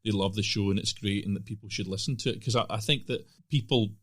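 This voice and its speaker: A man's voice: fairly low pitch, quick pace, husky. A man hosting a podcast interview, talking casually and often stopping and restarting his sentences. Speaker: podcast host.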